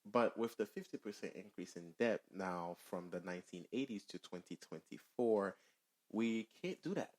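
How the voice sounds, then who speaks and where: A man co-hosting a casual podcast, explaining his point with fillers and pauses to find words. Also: on the low side, darkish tone. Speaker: podcast co-host.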